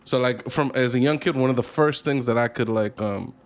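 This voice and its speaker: A man's voice: mid-range voice, fairly quick. A man co-hosting a podcast in casual chat, swearing freely and often repeating words as he thinks aloud. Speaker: podcast co-host.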